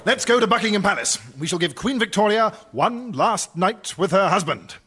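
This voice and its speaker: An actor playing a pompous, scheming Victorian gentleman in a radio comedy sketch. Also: high voice, animated, normal speed.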